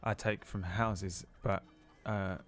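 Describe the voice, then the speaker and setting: A man's voice: low-pitched, steady tone, takes it slowly, soft background music. A man voicing a nervous young male thief who stammers with hesitant fillers. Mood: flustered.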